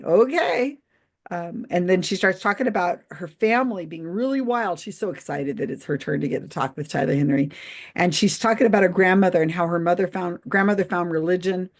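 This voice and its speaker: Woman, livestream host, low-pitched, chatty, skeptical, laughs a lot, reads viewer comments. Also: fairly quick. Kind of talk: casual livestream commentary reading chat comments.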